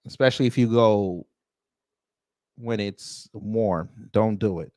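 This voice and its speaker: A man's voice: fairly low pitch, slow pace, mellow, no echo. Blunt man reacting with dry close sound. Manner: blunt, exclaiming, repeats phrases for emphasis. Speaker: host commenting on a court hearing. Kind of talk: casual reaction commentary.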